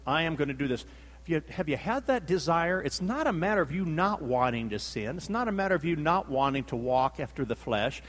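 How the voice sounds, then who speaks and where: A man's voice: a little high, big pitch swings, normal speed, fairly bright tone, big-room sound. A man preaching a sermon, telling the story dramatically, acting out the quotes and repeating himself for emphasis.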